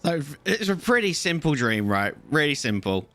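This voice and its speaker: A man's voice: fairly high pitch, very animated, moderate pace, fairly bright tone, no echo. A man, chatting casually to viewers on a live game stream and rambling through a story. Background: faint music.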